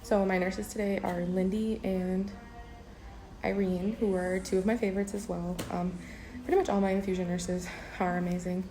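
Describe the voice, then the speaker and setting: A woman's voice: medium pitch, little pitch movement, normal speed, mellow. A young adult woman vlogging casually to camera, rambling with lots of "um"s and "like"s. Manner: rambling, many "um"s and "like"s. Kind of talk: casual vlog talk to camera.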